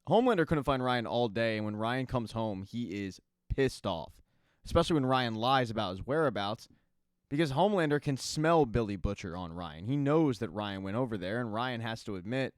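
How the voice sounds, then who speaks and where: A man's voice: medium pitch, lively intonation, moderate pace, clean tone, dry recording, clean studio sound. A man hosting a casual spoken recap of a TV season, chatty and adding offhand asides as he goes. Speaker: TV recap host.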